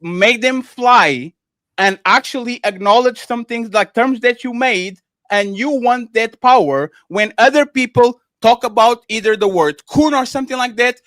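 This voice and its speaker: A man's voice: extremely high pitch, unhurried, a bit bright, no echo. A man with a foreign accent, a guest on a streamed panel, arguing insistently and repeating his points. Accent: non-native English. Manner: insistent, repeats himself, presses for proof. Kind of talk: heated panel argument.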